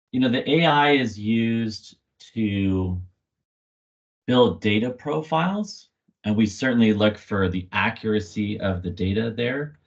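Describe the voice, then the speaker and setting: A man with a fairly low voice answers a question as his company's product chief during a webinar. He speaks in an earnest, steady way. The call audio sounds dull and lo-fi.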